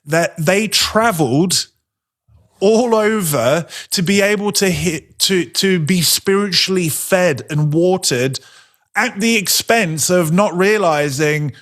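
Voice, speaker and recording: A man's voice: sits high, a bit bright. Man teaching a conversational sermon. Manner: conversational, rhetorical questions, slows for emphasis.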